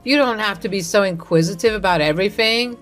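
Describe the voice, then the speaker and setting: A woman's voice: mid-range voice, quick pace, faint music behind, lightly acted. A woman voicing a cold, arrogant wealthy husband who mocks his wife in a dismissive way. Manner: mocking, dismissive.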